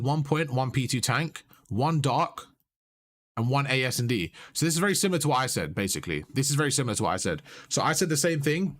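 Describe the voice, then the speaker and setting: A man's voice: medium pitch, fairly bright tone. Male gameplay coach, patient and instructive, narrating a match review. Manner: instructive, repeats points with "you see?". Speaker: game coach. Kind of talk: coaching commentary over gameplay.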